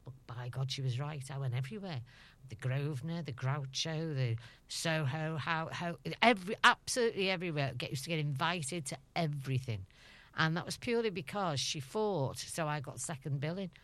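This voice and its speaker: Low-voiced Liverpool woman telling stories. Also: animated, fairly quick, fairly bright tone, no echo. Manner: chatty anecdotal storyteller, laughing often. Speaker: actress guest. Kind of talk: casual interview chat.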